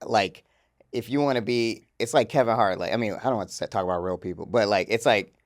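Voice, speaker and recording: A man's voice: fairly low pitch, fairly quick. Rambling man co-hosting a podcast. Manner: loose, rambling, with lots of fillers and laughs. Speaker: podcast co-host. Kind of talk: casual chat.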